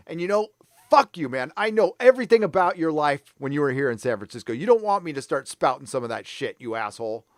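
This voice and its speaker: A man's voice: a little high, very animated, fast talker, no room sound, studio quality. A middle-aged man hosting a live stream, ranting angrily and swearing a lot while reading viewer comments. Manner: angry, profane, ranting. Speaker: live show host.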